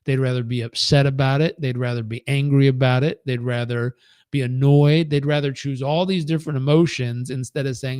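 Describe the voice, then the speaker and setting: A man's voice: medium pitch, fairly even intonation, fairly quick, a little mellow, clean tone, no echo, studio quality. A middle-aged man leading a live training session, talking earnestly, repeating his points for emphasis and telling stories from his own life. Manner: earnest, storytelling, acts out quoted dialogue; repetitive, emphatic lists. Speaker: performance coach.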